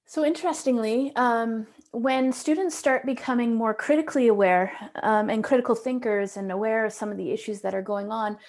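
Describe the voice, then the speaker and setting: A woman's voice: fairly high pitch, fairly quick, few pauses, darkish tone. A woman educator giving a seminar presentation, telling a classroom story in a thoughtful way with frequent ums and restarts. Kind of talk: conference presentation.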